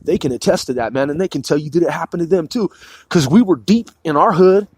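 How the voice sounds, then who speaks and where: A man in his forties, with a slightly high, husky voice and a darkish tone, delivers a rambling, profane solo podcast monologue. "Man" and "bro" turn up constantly, and "man" fills every pause.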